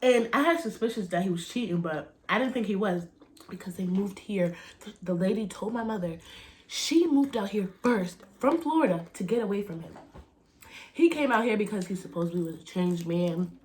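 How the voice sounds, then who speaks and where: A woman's voice: medium pitch, lively intonation, normal speed, a little mellow, a little hiss or hum. A young adult woman chatting casually in a storytime vlog, retelling events dramatically with gasps and laughter. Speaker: vlogger telling a story.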